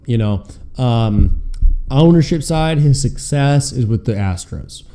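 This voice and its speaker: A man, a guest on a casual podcast, telling stories in a lively way with frequent laughs and many fillers. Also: medium pitch, slow pace. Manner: animated storyteller, laughs often, many fillers and repeats. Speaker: guest, sports fan.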